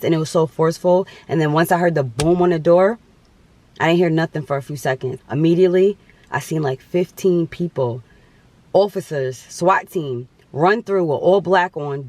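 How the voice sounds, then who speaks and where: A man's voice: on the high side, dry recording. A young man telling a dramatic personal story on his vlog, with emphatic repetition. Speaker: vlogger.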